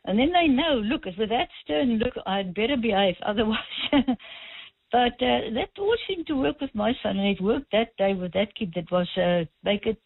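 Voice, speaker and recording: Phone caller: woman, husky and animated, firm storyteller, thin phone sound. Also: a little high, normal speed, dry recording. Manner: firm, storytelling, some hesitations. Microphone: telephone. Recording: tinny phone line.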